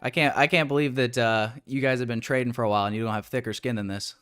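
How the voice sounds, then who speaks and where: A man's voice: medium pitch, fairly even intonation, quick pace, fairly bright tone, clean tone, soft background music. A man streaming live while day trading, bantering with his chat in a joking, profane, casual way.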